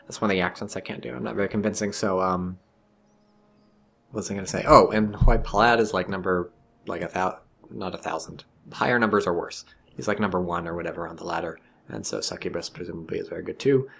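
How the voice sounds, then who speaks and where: Rambling, joking male game shoutcaster. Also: sits low, fairly even intonation, fast, creaky, breathy edge. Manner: rambling, joking, swears freely. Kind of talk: casual strategy game commentary.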